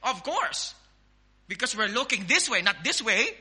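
A man with a Filipino accent preaching a sermon as pastor, emphatic, with sudden loud rises. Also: sits high, sing-song, unhurried, breathy edge.

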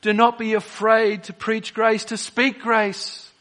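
A man preaching a sermon, swinging between soft, drawn-out phrases and emphatic bursts. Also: sits high, level tone.

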